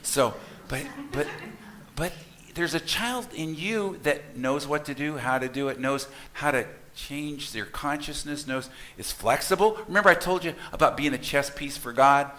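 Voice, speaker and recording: A man's voice: fairly high pitch, moderate pace, pushed and bright. A middle-aged man, a minister, delivering a folksy, storytelling sermon to his congregation in a church, with asides to the listeners. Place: church sanctuary.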